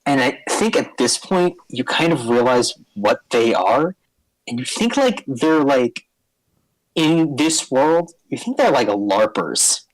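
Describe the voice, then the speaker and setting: A man's voice: medium pitch, very animated, slow, dry recording, poor audio. A man narrating a tabletop game as game master, rambling with many fillers. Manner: rambling, filler-heavy, laughs a lot.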